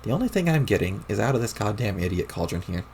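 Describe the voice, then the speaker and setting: A man reading the lines of a sulky, foul-mouthed teenage boy in a crude, grumbling, deadpan way while reading a comic aloud. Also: lowish voice, fast talker, slight background noise. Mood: scornful.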